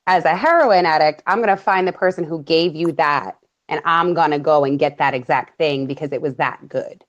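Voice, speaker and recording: A woman's voice: deep voice, moderate pace. A woman co-hosting a casual talk show, talking emphatically, repeating phrases and trailing off mid-sentence. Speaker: podcast co-host. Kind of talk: casual conspiratorial chat. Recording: dull lo-fi audio.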